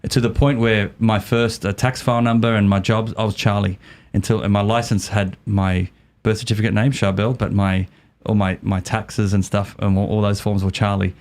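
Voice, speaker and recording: A man with an Australian accent, a podcast guest telling a story in a lively way, often repeating and restarting his words. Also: fairly low pitch, moderate pace, few pauses. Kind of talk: casual storytelling.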